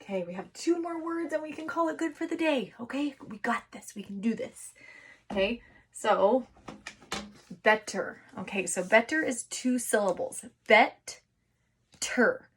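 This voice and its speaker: A woman teaching young children to write, encouraging them and sounding out words slowly syllable by syllable. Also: on the high side, breathy edge. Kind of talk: remote phonics and writing lesson for young children.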